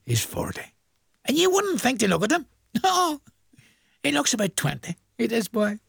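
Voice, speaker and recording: A man's voice: extremely high pitch, wildly swooping pitch, a little fast, creaky, breathy edge, dry recording, studio quality. An older man with a Northern Irish accent, hosting a radio show in a chatty, folksy way, reading out listeners' greetings and chuckling often. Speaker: radio presenter. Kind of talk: casual radio shout-outs. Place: radio studio.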